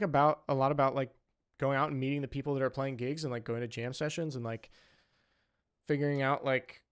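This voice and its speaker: A young saxophonist streamer speaks in a clear, resonant, mid-range voice. He chats casually with his audience, rambling and scattering "like" and "um" throughout.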